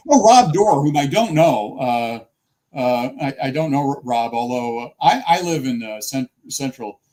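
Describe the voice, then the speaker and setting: Male lawyer, halting and self-mocking, casual chat. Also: mid-range voice, expressive, mellow. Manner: halting, self-deprecating joker.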